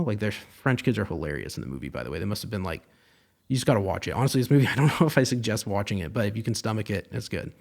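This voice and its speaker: Young male podcaster, lowish voice, rambling film recap, casual swearing. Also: animated, fast, creaky, darkish tone. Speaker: podcast host. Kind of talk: casual film review monologue.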